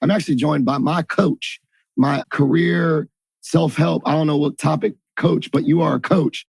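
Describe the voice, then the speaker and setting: Gravelly, husky man hosting a podcast. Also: fairly high pitch, fairly even intonation, a little slow, a little mellow, dry recording. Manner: chatty, jokey, loose and rambling. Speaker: podcast host. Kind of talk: casual interview chat.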